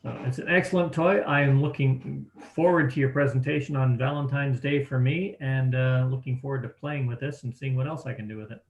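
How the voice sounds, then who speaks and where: A man's voice: medium pitch, steady tone, brisk, hardly any pauses. A man who is a square dance caller, chatting in a friendly, enthusiastic way on a video call. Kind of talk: casual chat on a video call. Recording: roomy, dull call audio.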